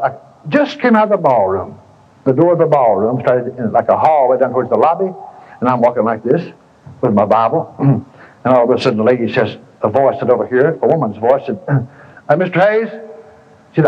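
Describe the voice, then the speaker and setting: A man preaches to a congregation in a folksy, colloquial manner, leaning on repetition and stories. His voice is husky and of middling pitch. The tape sounds dull and lo-fi. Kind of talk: sermon with storytelling.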